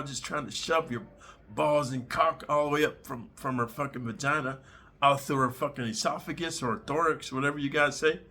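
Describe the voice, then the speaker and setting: A man hosting his channel, telling crude prison stories in a blunt, streetwise, animated way full of slang. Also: mid-range voice. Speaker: channel host. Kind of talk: crude prison storytelling monologue.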